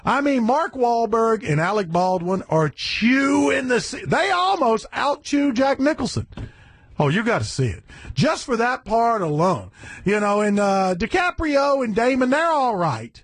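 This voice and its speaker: A man hosting a satellite radio show, ranting in a brash, profane monologue with sudden shouted bursts. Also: very high-pitched, very animated, a little slow, dry recording.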